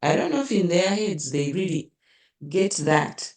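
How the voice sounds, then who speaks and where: A woman's voice: on the low side, animated, a little slow, a little mellow, distant mic. Indignant Ugandan woman commentator, echoey. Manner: indignant, rhetorical, many fillers like eh and hmm. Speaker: political commentator. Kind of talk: impassioned political commentary.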